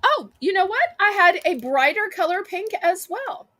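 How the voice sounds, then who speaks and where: A woman's voice: very high voice, very animated, normal speed, a bit bright, dry recording. A woman with a Southern US accent hosting a live home-shopping auction, chatty and sweet, calling the viewers y'all.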